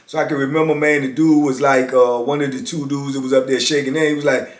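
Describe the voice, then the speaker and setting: A man's voice: mid-range voice, little pitch movement, fast, roomy sound. A man casually telling a story from his years in prison, acting out voices of guards and inmates as he goes.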